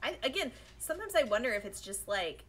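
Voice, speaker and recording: Woman podcast cohost, bright sharp voice, animated chatty recap, does little voices. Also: on the high side, a little hiss or hum, poor audio. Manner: animated, acts out characters' lines in quick voices. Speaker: podcast co-host. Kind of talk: casual chat recapping an anime episode.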